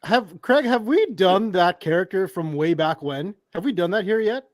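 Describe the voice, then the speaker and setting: Guy cohosting a podcast, teasing his buddies, pretty high voice. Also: animated, normal speed, no echo. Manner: teasing, playful. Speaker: podcast co-host. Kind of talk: casual chat.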